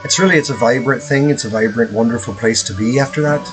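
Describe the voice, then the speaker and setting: A man's voice: mid-range voice, fast talker, music in the background, poor audio. Rambling male game streamer. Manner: rambling, many fillers and asides, swears casually. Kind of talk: casual gameplay commentary.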